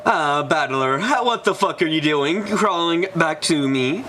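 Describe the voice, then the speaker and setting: A man's voice: on the high side, lively intonation, a little slow, sharp tone, a little hiss or hum. A man streaming a visual novel, reacting with swearing and self-mocking remarks. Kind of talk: let's-play commentary.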